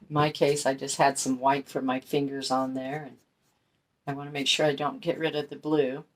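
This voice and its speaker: A woman's voice: a bass voice, level tone, moderate pace. A middle-aged woman hosting a crafting channel, chatting in a folksy way while she paints and explains each step. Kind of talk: casual craft tutorial talk.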